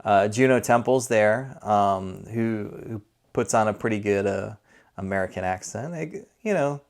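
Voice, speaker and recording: A man talks through a film review in a relaxed, unscripted way, with a somewhat low voice. He rambles and corrects himself as he goes, like someone chatting to viewers. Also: a little slow, gravelly. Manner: conversational, rambling with self-corrections. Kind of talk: casual spoken movie review.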